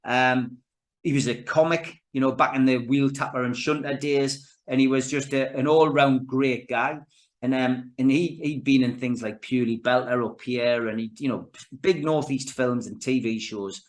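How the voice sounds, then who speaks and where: A middle-aged man chats as a podcast guest, spinning stories with lots of stops and restarts. His voice sits at a middle pitch for a man. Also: moderate pace. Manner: animated storyteller with many restarts and fillers. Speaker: guest, actor and filmmaker. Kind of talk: casual interview chat.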